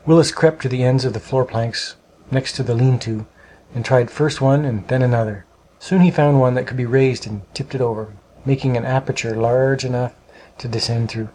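A man narrating a storybook with a steady, measured reading. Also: mid-range voice, a little hiss or hum, rough recording.

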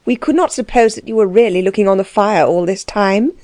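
A disapproving baroness asks prying, suspicious questions, as a woman reads her. The voice is mellow and dry, an audiobook reading. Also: medium pitch, a little fast, dry recording, lightly acted.

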